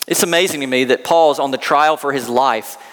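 A man's voice: mid-range voice, fairly quick, a bit bright, long reverb tail. A man preaching a sermon, telling stories earnestly with casual asides. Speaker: pastor.

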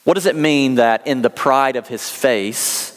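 An American man delivers a sermon, moving between earnest storytelling and scripture reading. His voice sits in an ordinary middle pitch. A long reverb rings around him, as in a large hall. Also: measured pace. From United States. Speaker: pastor.

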